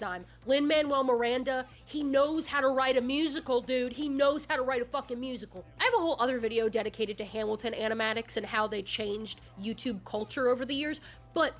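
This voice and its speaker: A woman in her twenties recapping musicals in a casual video commentary, sarcastic, excitable and quick to swear. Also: fairly high pitch. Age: 20s. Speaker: YouTuber.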